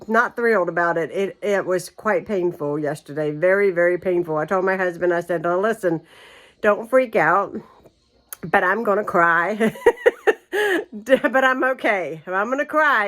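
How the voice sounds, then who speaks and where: A woman's voice: medium pitch, a bit bright. A middle-aged woman chatting casually to her camera at home, with lots of ums and easy laughter. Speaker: home vlogger. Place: guest room of an old house. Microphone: camera held by her.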